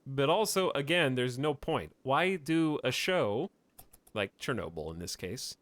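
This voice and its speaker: A man's voice: medium pitch, expressive, measured pace, a bit bright, dry recording. A man streaming and chatting casually, giving rambling, opinionated takes full of fillers and restarts.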